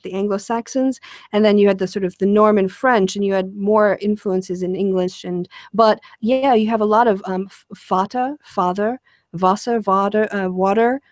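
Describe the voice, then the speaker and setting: A woman with a medium-pitched, darkish voice hosts a casual conversation, recorded dry. She explains ideas in a rambling way, with lots of fillers and restarts.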